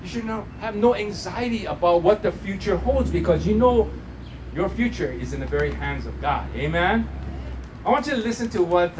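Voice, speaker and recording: A man's voice: high-pitched, noisy background. A man preaching as pastor at a church service, emphatic, drawing answers from the congregation. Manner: emphatic preaching with call-and-response. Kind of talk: sermon.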